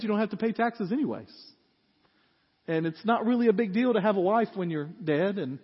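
A man preaching a sermon, telling a story with animated acted-out voices and frequent laughs. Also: high-pitched, breathy edge. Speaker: pastor. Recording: dull lo-fi audio with long hall reverb.

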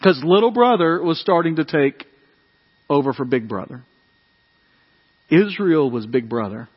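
A man preaching a sermon, telling animated family stories in a conversational way and acting out the voices. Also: on the high side, measured pace, husky, in a large hall, lo-fi sound. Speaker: pastor. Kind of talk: sermon storytelling.

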